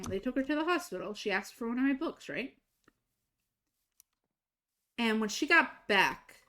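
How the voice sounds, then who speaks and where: A young woman streaming a game, casually telling a story, swinging between exasperated, swearing outbursts and quiet asides. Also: medium pitch. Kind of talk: casual storytelling while gaming.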